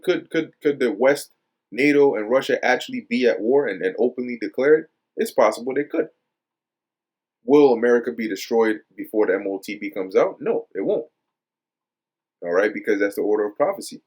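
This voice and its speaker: A man's voice: medium pitch, a little mellow. Man commenting on news with many fillers. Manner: many fillers and repeated words; reads quotes aloud then remarks on them. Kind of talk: casual religious news commentary.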